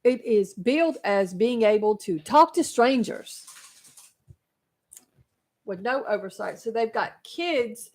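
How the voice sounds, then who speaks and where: A woman's voice: fairly high pitch, animated, slow, pauses often, a little mellow. A woman co-hosting a talk radio show, earnestly explaining a concern with frequent ums. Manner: earnest, informative, many ums.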